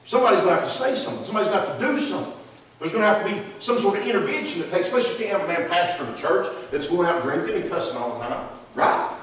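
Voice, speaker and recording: A man's voice: sits high, expressive, racing, fairly bright tone. A middle-aged man with a Southern US accent preaching a sermon as pastor, folksy and self-deprecating, rambling through asides. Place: church sanctuary. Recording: very echoey church room, mic far off, faint hiss.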